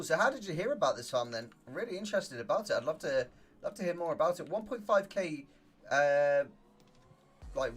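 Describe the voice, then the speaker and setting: A young man chatting casually on a game stream, laughing often and swearing freely. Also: on the high side. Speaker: live-streaming gamer.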